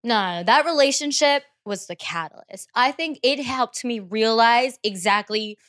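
Young woman guest, slightly high voice, blunt and salty, animated storyteller. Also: normal speed. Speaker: guest musician. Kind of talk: casual podcast interview.

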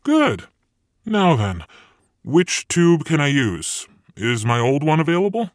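A man's voice: fairly high pitch, wildly swooping pitch, slow pace, no echo, voice pushed up, full character voice. Man playing a cocky commanding devil, breezy, menacing, dry close voice. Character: confident commanding male devil ruler. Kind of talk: audiobook character voice.

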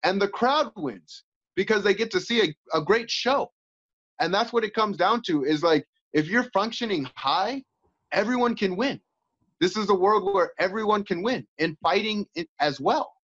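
A man's voice: high-pitched, normal speed, a bit bright. A man who fights and coaches, talking candidly as an interview guest and acting out quoted voices with laughs. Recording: slightly dull, lo-fi sound.

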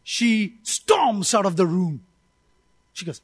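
A man's voice: sits high, sing-song, slow, husky, dry recording, clean studio sound. A male pastor preaching a sermon at a church service, emphatic and calling out to the congregation for responses.

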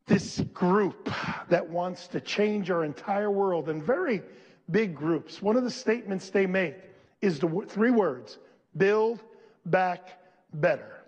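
A male pastor preaching a sermon, leading the congregation to repeat lines back, slowing on key phrases and building to shouts. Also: high voice, in a large hall, muffled recording. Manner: slows and stresses key phrases, rising to shouts. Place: church.

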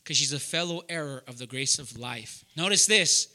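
A man preaching loudly and emphatically to young adults, often asking the room to fill in words. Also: fairly high pitch, expressive, normal speed. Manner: loud, emphatic, asks the room questions. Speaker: pastor teaching young adults. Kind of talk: sermon.

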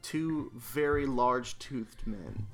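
Male podcast co-host, mid-pitched, wry asides, casual. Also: takes it slowly, a bit bright, faint music behind. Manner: chiming in with wry asides and questions. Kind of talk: casual movie recap chat.

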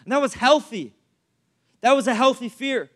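Young male pastor, high voice, lively preaching with anecdotes. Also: normal speed. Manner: animated, acts out anecdotes, many fillers. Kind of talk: sermon with storytelling.

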